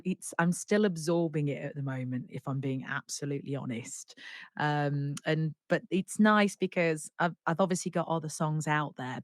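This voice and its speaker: A woman singer-songwriter telling her story as an interview guest, animated and full of restarts, acting out what people said. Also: low-pitched, dry recording, studio quality. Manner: animated, acts out quoted dialogue, many restarts.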